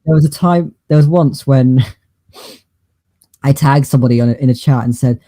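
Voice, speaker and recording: Rambling man, mellow voice. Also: medium pitch, no echo. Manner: rambling, halting, lots of fillers and restarts. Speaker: podcast co-host. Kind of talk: casual chat.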